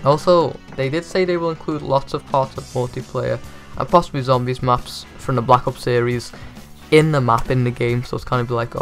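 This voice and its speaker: A man's voice: medium pitch, steady tone, moderate pace, soft background music. A young man giving jokey, rambling commentary on a video game reveal as a gaming YouTuber.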